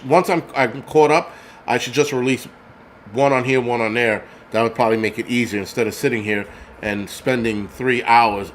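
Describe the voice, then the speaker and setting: A man's voice: mid-range voice, a little hiss or hum. A man vlogging, delivering an angry, profane, rambling rant to his viewers. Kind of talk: casual rant to camera.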